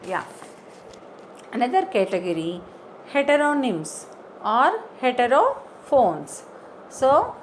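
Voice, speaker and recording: A woman gives an online lesson at an unhurried, careful pace. Her voice sits fairly high, and she spells words out letter by letter. A faint hiss of noise sits behind her. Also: poor audio. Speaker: English teacher.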